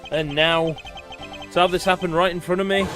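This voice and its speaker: A man's voice: high-pitched, fairly even intonation, normal speed, natural voice. A man voicing a stiff, proper male prosecutor who speaks formally and dramatically. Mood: solemn. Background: game music.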